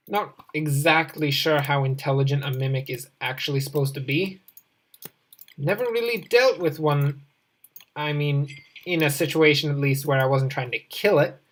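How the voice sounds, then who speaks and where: A woman hosting a game let's play, rambling playfully and chatting to her in-game companion as she goes. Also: low-pitched. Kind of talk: casual gameplay commentary.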